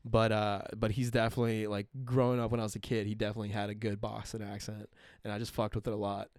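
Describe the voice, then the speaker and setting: A man's voice: on the low side, level tone, quick pace, darkish tone, no room sound, studio quality. A young American man, hosting a podcast in casual chat, rambling and swearing a lot, laughing as he talks. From United States. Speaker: podcast host.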